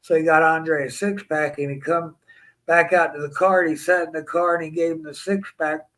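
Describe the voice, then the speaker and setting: A man telling an animated story in an interview, acting out the voices of the people in it. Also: on the high side, moderate pace, low-quality recording. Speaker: interview guest.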